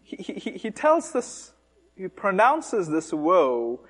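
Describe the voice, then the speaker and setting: A man preaching a sermon, speaking with animated, mocking emphasis and asking rhetorical questions. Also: high voice, slow.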